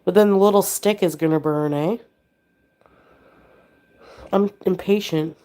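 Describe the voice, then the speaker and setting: A woman with a slightly low voice that sounds sick. She rambles casually through a livestream, drifting between viewers' comments and her pet. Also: unhurried, mellow. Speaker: livestreamer reading chat.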